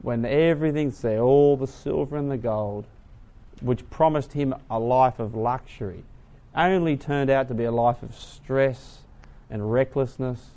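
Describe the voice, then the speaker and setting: A man preaching a sermon, retelling a story dramatically, swinging from hushed to loud. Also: medium pitch, a little slow.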